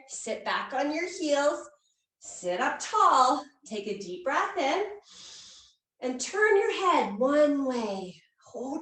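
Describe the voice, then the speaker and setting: Heard from a distance in an echoey room, a woman with a high-pitched, slightly bright voice teaches children's yoga in an indoor hall at a public fair. She keeps the class playful and encouraging, punctuated by cheery whoops.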